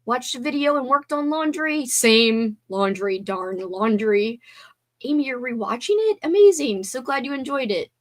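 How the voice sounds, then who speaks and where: A woman's voice: high-pitched, lively intonation, moderate pace, few pauses. A woman hosting a casual livestream, chatting and reading viewer comments aloud. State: teary, voice breaking. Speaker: livestream host.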